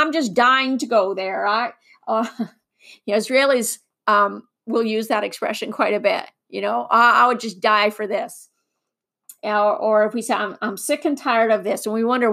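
A woman preaching in an easy, conversational way, her voice sitting a bit higher than most. She is earnest and unpolished, often restarting her sentences and leaning on fillers as she teaches. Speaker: Bible teacher. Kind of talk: informal sermon.

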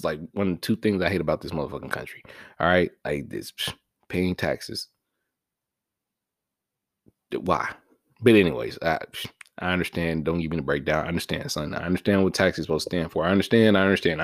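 A man hosting his own vlog in a profane, casual rant that swings between loud, high-pitched outbursts and low mutters. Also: fairly quick, no echo, studio quality. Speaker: vlog host. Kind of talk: casual ranting monologue.

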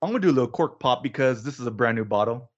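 A man hosting a casual podcast, relaxed and jokey, sometimes trailing off quietly. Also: medium pitch, rapid-fire, muffled recording. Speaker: podcast host. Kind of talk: casual chat.

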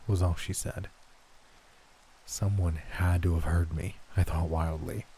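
A man reading a horror story aloud in a slow, tense, dramatic way. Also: low voice, steady tone, warm tone, slight background noise. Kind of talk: scripted narration.

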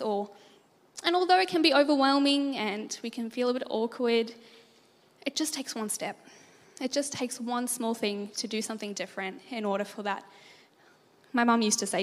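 Animated woman in a reverberant hall. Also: on the high side. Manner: animated storyteller, laughs often. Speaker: church speaker. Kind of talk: talk to a church congregation.

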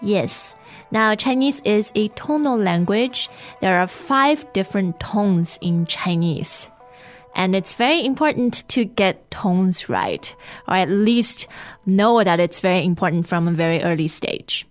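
A woman leads a podcast language lesson at an unhurried pace. She models each word carefully and repeats it so the listener can follow. Soft music sits faintly behind her. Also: medium pitch. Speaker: language teacher.

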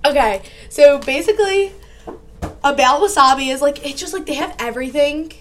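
A young woman co-hosting a casual podcast chat, giggly and animated, full of "like" and "literally". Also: high voice, moderate pace, a little hiss or hum. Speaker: podcast co-host.

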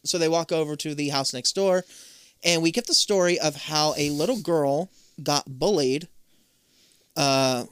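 A man co-hosting a podcast, retelling a show's plot in a relaxed, matter-of-fact way with casual swearing. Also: a little high, measured pace, smooth, no echo. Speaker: podcast co-host. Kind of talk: casual chat recapping a show.

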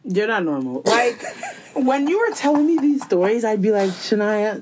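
A woman's voice: mid-range voice, sing-song, moderate pace, background noise. A young woman in casual chat, blunt and slangy.

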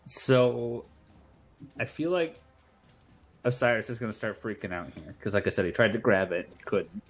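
A man's voice: fairly low pitch, normal speed, soft background music. A man playing a tabletop game who chats casually, swearing and laughing often. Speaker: player.

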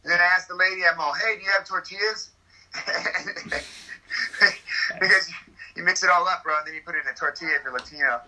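A man's voice: on the high side, steady tone, quick pace, pauses often, sharp tone, poor audio. A man from California chatting casually, telling rambling stories full of swearing. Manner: profane, rambling storyteller. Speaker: podcast guest. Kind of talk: casual chat.

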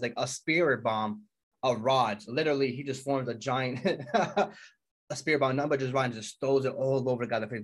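A man tearing through an anime episode recap at a rapid clip, his voice sitting at an ordinary middle pitch. He swears freely and jumps into the characters' lines as he retells each scene. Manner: excitable, swears a lot, acts out characters' lines.

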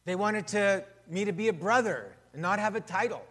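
A man preaching a sermon as pastor, talking conversationally with the congregation, asking them questions and dropping to a hush for personal admissions. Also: high voice, lively intonation, moderate pace. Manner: drops to a hushed voice for personal admissions. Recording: long hall reverb.

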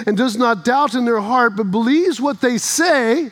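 Male preacher, very high pitch; animated sermon storytelling with shouted peaks. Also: moderate pace, few pauses.

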